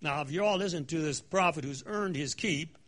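A man's voice: fairly high pitch, normal speed, fairly bright tone. A man leading a conversational Bible study in a church room, reading scripture dramatically and adding joking asides.

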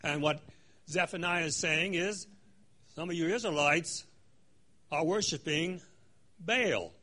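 A man's voice: a little high, measured pace, pauses often, bright, forceful tone. A man leading a conversational Bible study in a church room, reading scripture dramatically and adding joking asides.

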